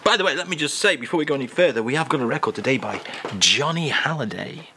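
Bloke hosting a jokey radio bit, bright voice, bouncy up-and-down delivery. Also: male voice, medium pitch, lively intonation, a little hiss or hum. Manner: brisk, jokey, upbeat patter. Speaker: radio-style host. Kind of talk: comic radio segment.

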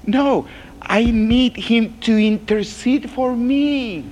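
Male pastor preaching, high and lively pitch, unhurried, long hall echo. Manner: reads scripture slowly, drops to a hushed groan. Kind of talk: sermon.

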